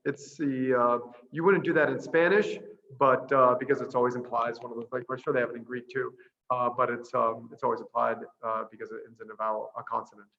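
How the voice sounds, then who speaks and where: A middle-aged man, a priest, chatting casually over a video call and patiently teaching a short phrase, slowing down to spell out each sound. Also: medium pitch, level tone, creaky, highs cut off. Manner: warm, chatty, laughs easily, slows down to spell out sounds. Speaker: priest and missionary guest.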